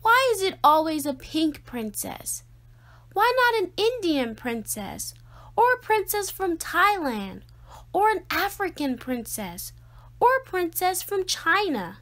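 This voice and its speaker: A woman's voice: extremely high pitch, big pitch swings, takes it slowly, a bit bright, voice pushed up, heavily acted. A woman voicing a strong-willed, dramatic little girl who speaks emphatically. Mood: indignant. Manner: emphatic, indignant questions.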